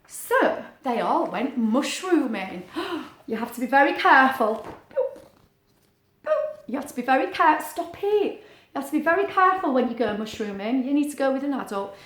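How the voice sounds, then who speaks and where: A woman's voice: sits high, animated, fairly quick, a bit bright. A woman reading a picture book aloud to children, chatting playfully with a puppet between pages. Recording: roomy echo.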